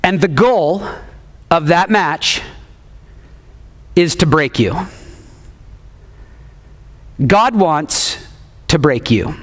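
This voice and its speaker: A man in his thirties preaching a sermon, telling stories with animated refrains and calling on the congregation. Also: fairly high pitch, takes it slowly. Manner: animated storytelling, repeats refrains, calls on the congregation. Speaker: pastor.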